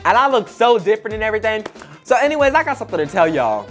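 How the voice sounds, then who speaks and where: A young man hosts his own talk show, spilling gossip in a chatty, rambling way packed with fillers. His voice sits at a middling pitch. Soft music plays faintly underneath. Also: huge pitch swings, fairly quick. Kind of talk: casual gossip storytelling.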